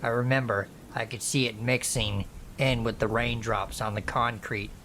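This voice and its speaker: A man slowly and soberly reading a true scary story aloud as the channel's narrator. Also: mid-range voice, fairly even intonation, sharp tone, a little hiss or hum. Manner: slow, measured, somber reading.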